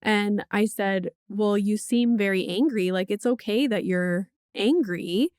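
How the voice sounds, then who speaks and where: Candid, swearing mom podcast host. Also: female voice, mid-range voice, unhurried, a little mellow, smooth, no echo, clean studio sound. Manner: candid storyteller, swears freely, fills with "like". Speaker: mother of a young child. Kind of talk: casual chat.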